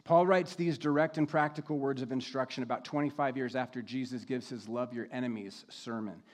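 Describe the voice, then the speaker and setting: Man preaching a measured sermon. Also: medium pitch, fairly even intonation. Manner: measured, slows to read scripture. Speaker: pastor.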